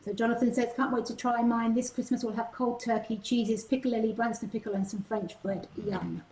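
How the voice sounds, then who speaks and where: A woman off camera reading viewer comments aloud in a light, relaxed way. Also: fairly high pitch, brisk, slight background noise. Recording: off-mic in a roomy space.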